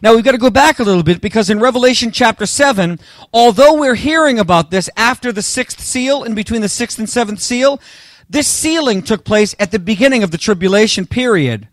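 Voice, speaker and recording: High-voiced, emphatic male preacher. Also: animated, a little fast, no room sound, clean studio sound. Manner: emphatic, talks straight to the congregation. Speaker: pastor. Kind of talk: sermon.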